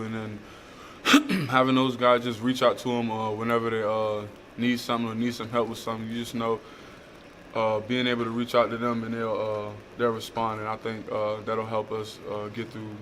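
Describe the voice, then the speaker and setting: A man's voice: fairly low pitch, a little hiss or hum. A young man, a college football player, answering reporters' questions with many fillers. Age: young adult. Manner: halting, many uh fillers, flat delivery. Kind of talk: press conference answers.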